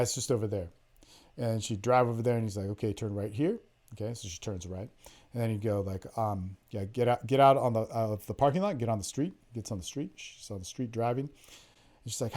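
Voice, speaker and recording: A male dating coach holds forth on a group call, swearing freely as he tells his stories. He slips into quick quoted lines from other people and then drops back to his own easy, mid-pitched voice. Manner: profane, animated storytelling, quoting others in quick bits. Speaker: podcast host, dating coach. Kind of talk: casual storytelling on a group call.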